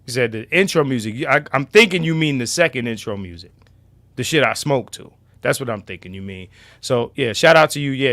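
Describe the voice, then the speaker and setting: A man hosting a casual livestream, loud and profane, now and then dropping to a low mutter. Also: fairly quick, no room sound. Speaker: livestream host.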